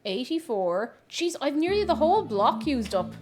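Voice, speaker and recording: Young woman baking on stream in her kitchen, high voice, chatty, hums to herself, music in the background. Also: big pitch swings, moderate pace, few pauses, darkish tone. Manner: chatty, reads chat aloud and hums while working. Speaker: livestream host baking. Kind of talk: casual live-stream chat. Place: home kitchen.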